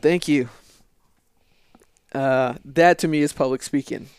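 Teasing man podcaster, clear voice. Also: fairly high pitch, slow, a little mellow, no room sound. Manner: teasing, blunt, swears casually. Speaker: podcast co-host. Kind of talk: casual podcast chat.

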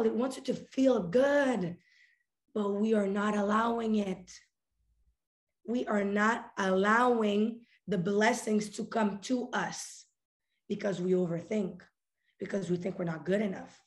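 A woman hosting a podcast, giving a casual motivational talk in a playful, animated way and calling her listeners guys and family. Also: mid-range voice, echoey room. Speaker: podcast host.

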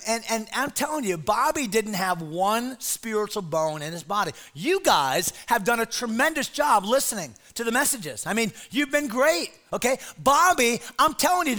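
A middle-aged man preaching as a pastor, telling a comic story to teenagers with lively, shouted bits. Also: very high-pitched. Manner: animated storyteller, shouts put-on voices. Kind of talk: comic sermon to teens.

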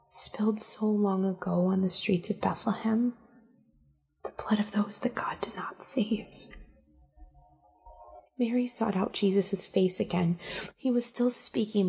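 A woman narrating a story in a hushed, breathy manner, often sinking close to a whisper. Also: medium pitch.

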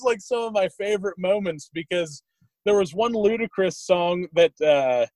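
A young man with a slightly high voice talks through old memories in a loose, rambling way and chuckles as he goes. The sound is close and dry, with no room around it. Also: fairly quick, dry recording, poor audio. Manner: rambling, warm, chuckles while telling stories. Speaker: guest sharing memories. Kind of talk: casual storytelling.

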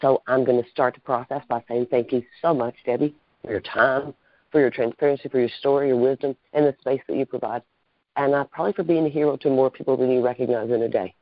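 A man's voice: mid-range voice, steady tone, fast talker, dry recording. A man hosting a podcast, chatting with his guests in an earnest, reflective way. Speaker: podcast host. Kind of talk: casual interview chat. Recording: dull, dry sound.

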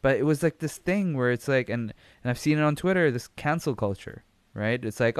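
Young guy rambling on his solo podcast, smooth voice, super dry sound, swears a lot. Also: medium pitch, animated, brisk, dry recording. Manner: rambling, frank, swears freely, many fillers. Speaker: podcast host. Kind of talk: casual solo commentary.

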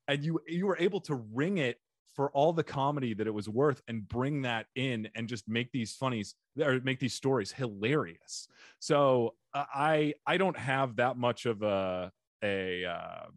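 A man's voice: mid-range voice, unhurried, no room sound, clean studio sound. A man hosting a podcast in a casual interview, laughing often and talking in long, rambling stretches. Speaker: podcast host.

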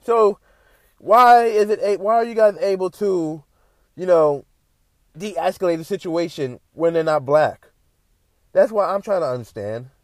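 A man's voice: high-pitched, lively intonation, measured pace, long pauses, no room sound. A man, hosting a podcast, speaking in a passionate monologue peppered with "you know" and mocking quoted voices. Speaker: podcast host. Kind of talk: impassioned monologue.

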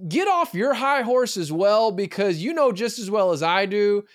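Man, high voice, casual sports podcast, opinionated, fillers and restarts, dry close sound. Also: sing-song, moderate pace, dry recording. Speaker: podcast co-host.

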